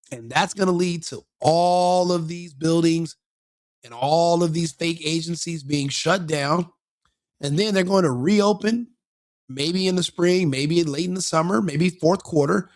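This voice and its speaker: A man's voice: fairly high pitch, unhurried. A man hosting a live stream, commenting on a clip in a joking, mocking way.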